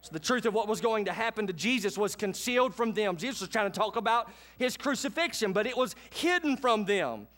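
High-voiced preacher, lively. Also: male voice, a little fast, few pauses. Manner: animated preaching, folksy asides to the congregation. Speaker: pastor. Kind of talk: sermon. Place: church sanctuary.

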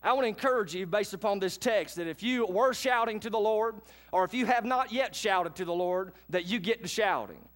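A man preaches an earnest sermon in a fairly high voice. He retells the scripture scene vividly and turns to his congregation with direct questions. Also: brisk, a bit bright. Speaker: pastor.

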